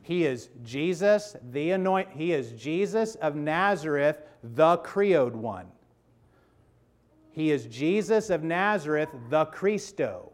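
A man's voice: fairly high pitch, expressive, slow pace. A man in his fifties preaching a sermon to his congregation, conversational and emphatic, checking in with "okay?" and "right?" asides. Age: 50s. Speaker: pastor.

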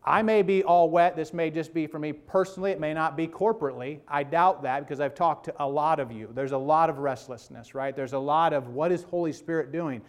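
A man's voice: on the high side, fairly quick, hardly any pauses. A man in his fifties preaching a sermon to his congregation, conversational and emphatic, checking in with "okay?" and "right?" asides. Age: 50s. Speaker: pastor.

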